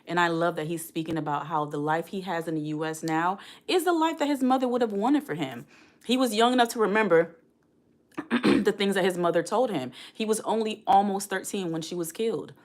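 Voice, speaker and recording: A woman's voice: fairly low pitch, fairly quick. A woman around forty hosting a casual live stream, chatting and reading viewer comments aloud. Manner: chatty, addresses the chat directly, reads comments aloud.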